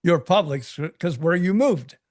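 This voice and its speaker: High-voiced man, casual podcast chat. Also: animated, measured pace, a little mellow. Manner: easygoing, rambling, joking. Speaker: podcast co-host.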